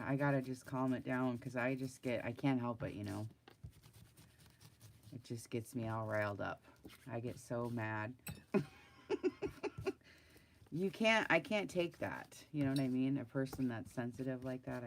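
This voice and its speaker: A middle-aged woman sits at a desk indoors, drawing while chatting bluntly and animatedly with live viewers and laughing often. Her voice is very deep and creaky, with a little hiss or hum in the recording.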